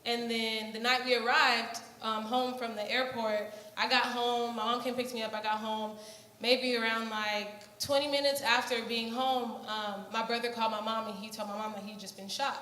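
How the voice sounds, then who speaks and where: A woman's voice: a little high, level tone, moderate pace, pushed and bright. A young woman giving an earnest church testimony about her mission trip, telling her story with many fillers. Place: church hall. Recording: echoey hall, faint noise.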